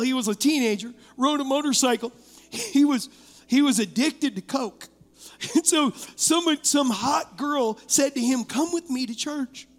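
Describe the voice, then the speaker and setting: Man, pastor, sermon, very high voice, lively storytelling, long hall echo. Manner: animated storytelling preacher, laughing through stories. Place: church sanctuary.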